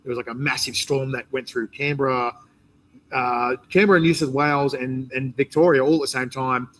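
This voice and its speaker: Aussie guy hosting a casual interview, rambles and restarts, animated. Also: mid-range voice, moderate pace, low-quality recording. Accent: Australian. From Australia. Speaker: interview host and competition organizer. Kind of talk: casual interview chat, live stream.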